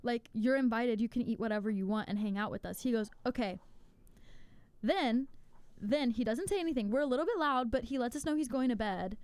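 A young woman co-hosting a podcast, telling stories in an animated, exclaiming way. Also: a little high, smooth, no room sound. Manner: animated storytelling with quick exclamations. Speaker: podcast co-host. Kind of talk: casual chat. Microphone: podcast mic on a laptop setup.

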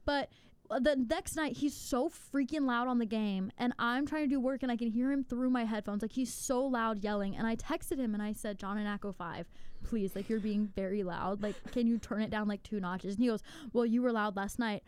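A young woman co-hosting a podcast, telling stories in an animated, exclaiming way. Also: a little high, clean tone, no echo. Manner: animated storytelling with quick exclamations. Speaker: podcast co-host. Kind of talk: casual chat. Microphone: podcast mic on a laptop setup.

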